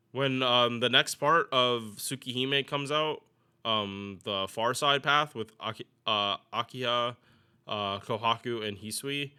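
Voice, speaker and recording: Bright-voiced man rambling about a game. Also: mid-range voice, a little slow, clean tone. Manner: rambling, restarts, chatty with viewers. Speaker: gaming YouTuber. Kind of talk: casual game commentary.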